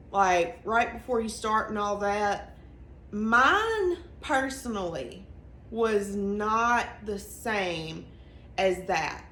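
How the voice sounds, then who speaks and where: A young woman with a Southern US accent telling her story to camera in a chatty, earnest way, racing through some phrases and slowing right down on others. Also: medium pitch, a bit bright. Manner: chatty, earnest, quick bursts between slow emphatic phrases. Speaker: vlogger. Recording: echoey room with faint ambient noise.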